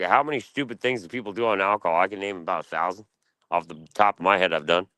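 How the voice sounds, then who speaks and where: A man's voice: low voice, fast, bright, forceful tone, no room sound. A man from Delaware ranting casually and profanely on a podcast panel. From Delaware, USA.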